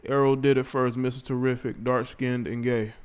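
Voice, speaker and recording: A man's voice: mid-range voice, little pitch movement, normal speed, clean tone. A man hosting a casual livestream, rambling in slang and talking straight to his chat. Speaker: livestream host.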